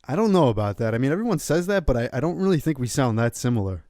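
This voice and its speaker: A man's voice: medium pitch, big pitch swings, racing, darkish tone, no echo, clean studio sound. A man with a New York accent co-hosting a fitness podcast, laid-back and joking in casual chat. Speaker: podcast co-host.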